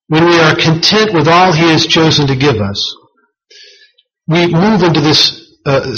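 A man's voice: fairly high pitch, sharp tone. A man preaching a sermon, reading scripture aloud in an earnest, emphatic way. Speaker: pastor. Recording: dull lo-fi sound.

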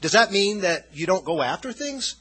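Male preacher, husky tone with a bright, forceful edge; chatty, rambling sermon delivery. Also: high-pitched, big pitch swings, normal speed, poor audio. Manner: conversational, loose and rambling. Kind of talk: informal sermon.

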